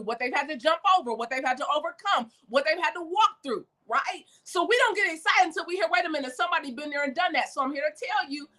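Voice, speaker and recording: A woman giving a preacherly motivational talk, calling listeners baby and swinging from shouts to hushed lines. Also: high voice. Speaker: motivational speaker.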